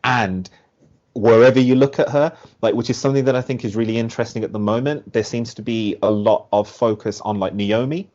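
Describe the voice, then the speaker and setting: A man chats as a podcast guest, mid-pitched and animated. He keeps acting out quotes with a run of "like"s. The sound is muffled and a little lo-fi. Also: a little fast. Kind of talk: casual podcast chat.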